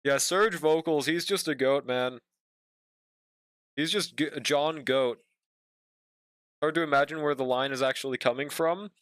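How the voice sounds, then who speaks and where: A man's voice: a little high, unhurried, long pauses, a bit bright, dry recording, studio quality. A young man streaming as he draws, chatting casually with viewers and swearing freely. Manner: laid-back, swears often, talks to chat. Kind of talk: casual stream chat while drawing.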